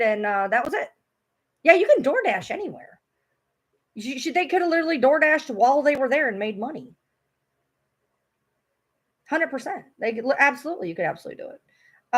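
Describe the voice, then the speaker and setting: High, lively woman livestreamer. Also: brisk, long pauses. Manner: laughs often, swears freely; animated, talks back to viewers. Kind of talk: casual live commentary.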